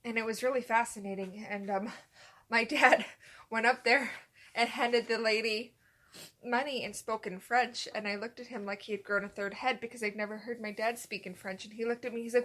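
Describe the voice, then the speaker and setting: A young woman co-hosting a casual podcast, telling a rambling story and acting out quotes in a relaxed chat with her partner. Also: on the high side, normal speed. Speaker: podcast co-host.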